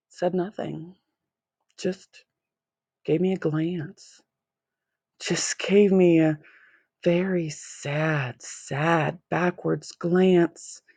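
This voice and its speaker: A woman reading a children's picture book aloud in an expressive, rhythmic way. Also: fairly low pitch, creaky, no room sound. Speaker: storybook reader.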